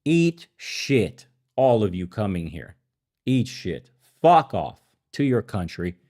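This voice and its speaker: A man's voice: deep voice, big pitch swings, measured pace, warm tone. A man hosting a podcast, an immigrant to America, ranting with heavy swearing and heated outbursts, laughing at himself now and then. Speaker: podcast host. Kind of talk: profane ranting commentary. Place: in the Balkans.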